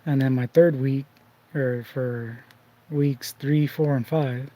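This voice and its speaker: A man's voice: medium pitch, fairly even intonation, slow, warm tone, rough recording. A man hosting a card collecting channel, chatting casually behind the scenes and telling rambling anecdotes full of restarts.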